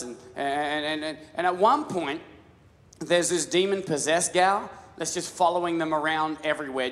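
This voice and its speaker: Stammering pastor in a big hall. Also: male voice, a little high, a bit bright. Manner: casual storytelling with many restarts and stammered repeats. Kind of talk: sermon. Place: large church hall. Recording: live sermon with long hall reverb.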